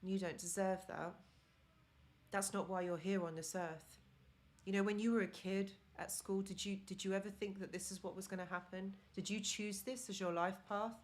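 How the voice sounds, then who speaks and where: Her mid-range voice holds a steady tone at a moderate pace as she hosts a live stream. This relationship mentor, who speaks English with a non-native accent, talks earnestly to her audience and encourages them.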